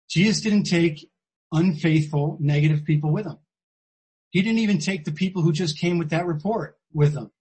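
Husky, fairly high-voiced man preaching; conversational and emphatic, repeats key lines. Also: a little mellow, rough recording. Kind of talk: sermon.

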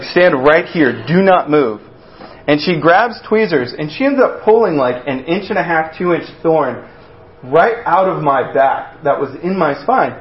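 Guy giving a chatty sermon, kinda high voice, muffled lo-fi recording. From Texas. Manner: conversational and storytelling, with many restarts and acted-out quotes. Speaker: preacher.

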